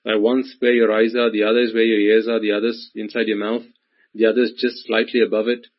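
A man's voice: lowish voice, level tone, brisk. A man giving a Buddhist dharma talk, repeating himself and asking rhetorical questions, on a dull lo-fi recording. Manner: repetitive, full of rhetorical questions. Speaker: Buddhist teacher.

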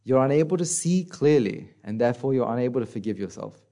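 A man giving a conversational Buddhist dharma talk, often asking the listeners questions and acting out inner voices in a soft, low tone. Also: lively intonation, fast talker, creaky. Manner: conversational, asks the audience rhetorical questions. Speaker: Buddhist teacher.

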